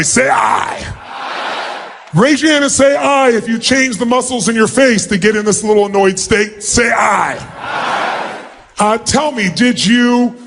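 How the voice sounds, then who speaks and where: At a motivational seminar in a big hall, a man with a very high-pitched voice energetically shouts instructions to a crowd of thousands during an audience exercise. His manner is commanding, and there's slight background noise.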